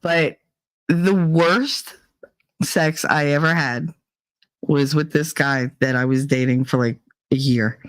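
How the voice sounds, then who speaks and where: A woman's voice: low-pitched, steady tone, slow, pauses often, dry recording, low-quality recording. Profane, laughing woman podcast host. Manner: frank and profane, laughing often. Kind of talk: casual storytelling rant.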